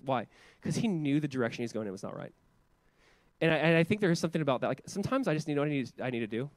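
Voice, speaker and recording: Fast-talking, animated male pastor. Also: no room sound. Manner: conversational, animated, lots of "like" and quick restarts; acts out quoted voices with raised pitch. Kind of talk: sermon.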